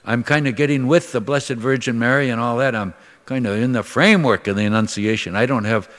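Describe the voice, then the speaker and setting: Brisk and fairly bright, a medium-pitched older man preaches in a big-sounding room. He's a priest from Minnesota, USA, giving a folksy, conversational storytelling sermon and acting out his characters' voices.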